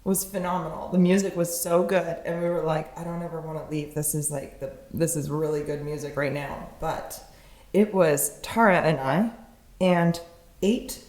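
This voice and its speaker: A woman with a somewhat low voice co-hosts a podcast, chatting softly and laughing between stories. Her voice carries a roomy echo. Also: unhurried. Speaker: podcast co-host. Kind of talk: casual storytelling chat.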